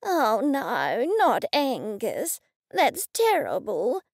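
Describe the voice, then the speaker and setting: A woman voicing a vague, rambling elderly man in his eighties in a storybook reading, speaking slowly and softly. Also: fairly high pitch, huge pitch swings, vocal fry, no room sound, studio quality, heavily acted. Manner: slow, soft, rambling.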